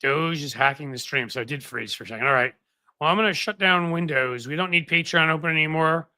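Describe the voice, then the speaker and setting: A man hosting a political live stream, chatting loosely with viewers, full of restarts and asides. His voice sits a bit high and bright. The sound is dry and close on a desk mic. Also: brisk, no room sound. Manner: rambling, chatty, many fillers and restarts. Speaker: political commentary host. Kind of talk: casual live-stream chat. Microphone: desk microphone.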